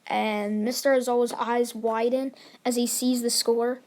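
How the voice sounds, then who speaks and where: A woman's voice: fairly high pitch, little pitch movement, unhurried, a little mellow. A woman casually retelling a fan story for her channel, rambling and correcting herself as she goes. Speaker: YouTuber storyteller.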